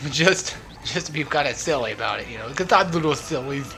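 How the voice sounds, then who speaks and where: A young man rambles through casual gaming commentary at home, joking and laughing as he wanders off topic. His voice is bright and a little tense, and his pitch jumps around a lot. Faint game music plays behind him. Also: animated, moderate pace. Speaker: let's play host. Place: at home, not alone.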